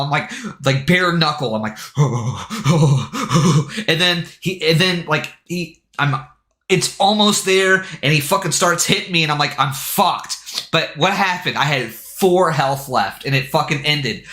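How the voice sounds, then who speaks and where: A man streaming live, telling a story in an excitable way, full of swearing and filler words. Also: a little high. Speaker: game streamer. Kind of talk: casual livestream storytelling. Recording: echoey room.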